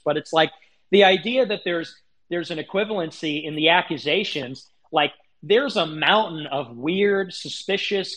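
A man's voice: a little high, bright, forceful tone. Indignant profane man ranting on a stream. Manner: indignant, profane, repeats himself. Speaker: livestream host. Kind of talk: heated ranting monologue.

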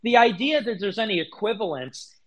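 A man's voice: high voice, lively intonation, brisk, fairly bright tone. A man hosting a livestream, delivering a heated, indignant monologue full of swearing and restarts. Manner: indignant, profane, repeats himself. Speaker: livestream host.

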